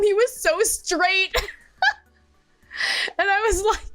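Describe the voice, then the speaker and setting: A woman's voice: high voice, expressive, moderate pace, long pauses, fairly bright tone, soft background music. A young woman streaming, telling a rambling story with lots of fillers and giggles. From United States. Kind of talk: casual chat.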